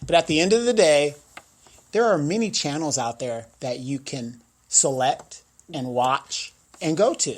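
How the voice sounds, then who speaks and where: A man in his forties, co-hosting a casual chat show, speaking in a measured, deliberate and outspoken way. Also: on the high side. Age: 40s. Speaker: co-host.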